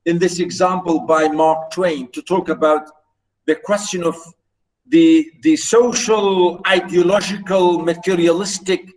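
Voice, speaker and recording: A man's voice: sits high, fairly even intonation, a little slow, recorded from a distance, rough recording. A man lecturing on literature, who repeats and restarts phrases as he explains and points out British pronunciation.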